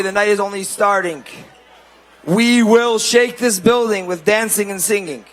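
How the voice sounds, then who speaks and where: Male banquet emcee, high and slow, faint crowd hum behind, herding people to their seats. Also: fairly bright tone, low-quality recording. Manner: repeatedly urges the crowd to sit, building up the introduction. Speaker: event emcee. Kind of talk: announcing at a banquet.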